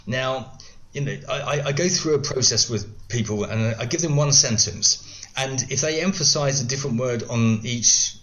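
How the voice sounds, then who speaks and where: A man's voice: medium pitch, moderate pace, fairly bright tone. A middle-aged man, a guest video coach, explaining things in a podcast interview with many examples and frequent restarts.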